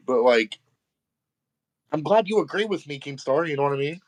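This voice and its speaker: Loud animated man telling a story. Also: mid-range voice, normal speed, pauses often. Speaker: livestream guest. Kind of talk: casual livestream talk.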